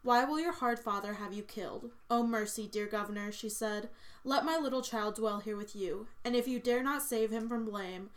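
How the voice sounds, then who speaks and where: A woman's voice: a little high, moderate pace, lightly acted. A woman voicing a devout young mother who prays and grieves over her child, speaking in a tender, prayerful way. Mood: pleading.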